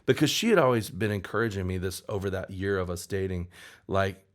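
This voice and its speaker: A man's voice: sits low, fairly quick. A male songwriter telling a story in casual chat, acting out the people he quotes. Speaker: songwriter guest.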